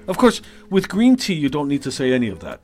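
A man's voice: fairly high pitch, wildly swooping pitch, fast talker, darkish tone, faint music behind. A man from North America co-hosting a podcast English lesson, explaining tea phrases with example sentences. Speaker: English teacher, podcast co-host. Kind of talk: bilingual podcast lesson chat.

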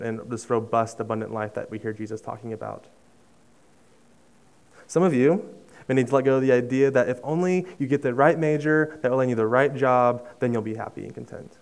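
A young man preaching in a smooth, resonant voice at an ordinary middle pitch. He talks earnestly and conversationally, restarting his phrases, and sinks to a near-hush on heartfelt lines. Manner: drops to a soft hush on emotional lines. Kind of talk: sermon with personal story.

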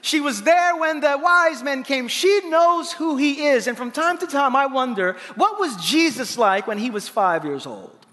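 Man, pastor, lively sermon, very high voice, echoing sanctuary. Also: a little slow, hardly any pauses. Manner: animated, playful preaching with laughs and voiced asides. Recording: long hall reverb.

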